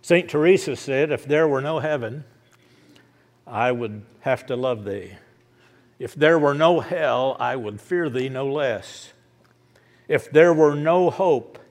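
A man preaching a sermon, repeating lines with rising emphasis and dropping soft and low at the ends of thoughts. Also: takes it slowly. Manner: emphatic repetition, rising to loud declarations. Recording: long hall reverb.

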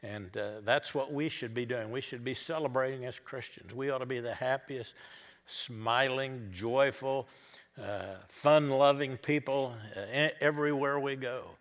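Folksy middle-aged preacher in a reverberant church. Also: male voice, mid-range voice, a little slow, fairly bright tone. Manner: folksy storytelling, acting out the characters. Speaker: pastor. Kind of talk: sermon.

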